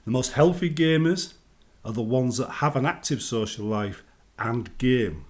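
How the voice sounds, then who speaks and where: A man's voice: medium pitch, animated, measured pace. A British man giving casual advice on a gaming vlog, chatty and acting out everyday greetings. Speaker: gaming vlogger.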